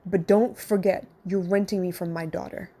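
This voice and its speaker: A woman counselor hosts a podcast, giving blunt, direct advice in a casual, conversational monologue that addresses listeners directly and includes some swearing. Her lowish voice is mellow, with fairly even intonation and a moderate pace.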